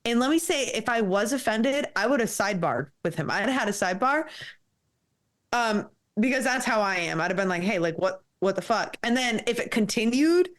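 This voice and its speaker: A woman's voice: on the high side, animated, normal speed. A woman in her thirties, a podcast guest telling stories in a blunt, candid way, swearing freely and laughing often. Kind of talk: candid interview storytelling.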